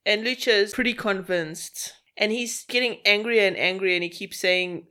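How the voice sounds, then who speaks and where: A woman's voice: mid-range voice, moderate pace, few pauses, sharp tone. A woman co-hosting a podcast, casually walking through the plot of a series scene by scene. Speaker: podcast co-host. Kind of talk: casual chat, narrating plot.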